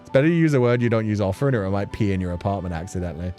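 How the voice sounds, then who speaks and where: A man chatting casually on a livestream, playful and quick to laugh, answering questions from chat. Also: on the low side, expressive, a little mellow, soft background music. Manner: chatty and playful, laughing often between thoughts. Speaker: streamer. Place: at home.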